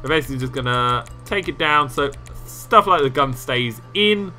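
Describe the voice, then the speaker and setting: A man walking viewers through video editing software in a casual, rambling tutorial with self-mocking asides, recorded on a desktop microphone. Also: medium pitch, expressive, moderate pace, music in the background. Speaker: game tutorial host.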